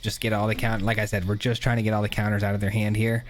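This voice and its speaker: A man's voice: fairly low pitch, monotone, fast talker, slight background noise. A man giving casual, chatty commentary on his own gameplay, thinking aloud with many filler words. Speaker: gaming YouTuber.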